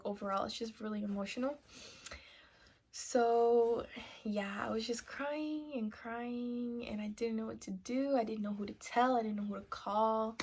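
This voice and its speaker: A young woman vlogger telling a personal story in a casual sit-down style, filling her talk with "like" and "you know" and sometimes dropping to a hushed half-whisper. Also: mid-range voice. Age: young adult. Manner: chatty, full of "like" and "you know" fillers. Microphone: camera mic, seated to camera.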